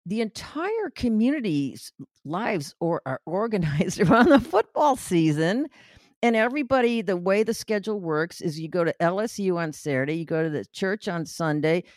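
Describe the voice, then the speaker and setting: A woman from Chicago chatting casually on a podcast, animated and teasing, talking fast. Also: fairly low pitch, no room sound, clean studio sound. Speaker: co-host, political commentator's wife. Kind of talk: casual chat.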